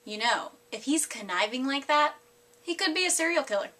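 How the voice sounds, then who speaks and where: A young woman putting on a doting grandmother in her seventies or eighties, soft and a touch lower than a bright voice would sit. She talks in a gentle, sugary way, then lands crude remarks without changing her tone. The voice stays fairly high and clear throughout. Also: lively intonation, normal speed. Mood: sweetly blunt. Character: elderly grandmother, sweet-voiced but bluntly crude.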